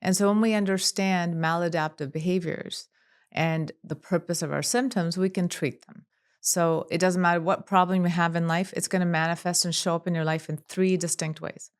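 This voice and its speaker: A woman clinical psychologist speaking as a podcast guest, calm and measured, running through long lists of examples. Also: fairly low pitch, clear, resonant tone. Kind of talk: podcast interview.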